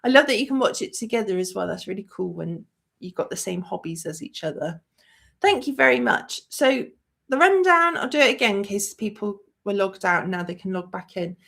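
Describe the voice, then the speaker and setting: A woman's voice: medium pitch, animated, fairly quick, gravelly, a bit bright. A woman hosting a movie channel livestream, chatting effusively and reading viewer comments aloud. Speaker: movie review channel host. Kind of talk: casual livestream chat.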